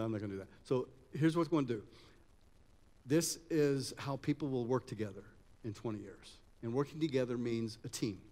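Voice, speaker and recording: A man running a live audience exercise at a talk, joking and directing people as he goes. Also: mid-range voice. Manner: energetic, joking, directs the crowd. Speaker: workshop speaker. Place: event hall with live audience. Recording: long hall reverb.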